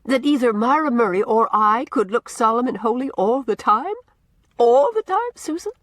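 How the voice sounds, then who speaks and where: A woman's voice: fairly high pitch, expressive, moderate pace, a bit bright, dry recording, pitched above the performer's own voice. A woman voicing a dreamy, imaginative doctor's wife who speaks wistfully. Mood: teasing.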